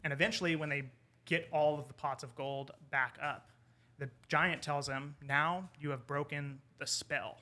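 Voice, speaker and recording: Bright-voiced man retelling a folk tale. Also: a little high, moderate pace. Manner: animated retelling with quoted character lines. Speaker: podcast guest, English professor. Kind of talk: casual storytelling over wine.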